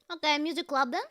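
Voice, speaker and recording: Giggly high-voiced woman streamer. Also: a bit bright, no room sound, clean studio sound. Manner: giggly, breaks into frequent laughter. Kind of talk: reading a visual novel aloud on stream.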